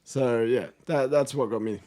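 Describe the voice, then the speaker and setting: A man's voice: mid-range voice, moderate pace, mellow. A middle-aged Australian man chatting casually as a podcast guest, laid-back and swearing freely. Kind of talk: casual chat.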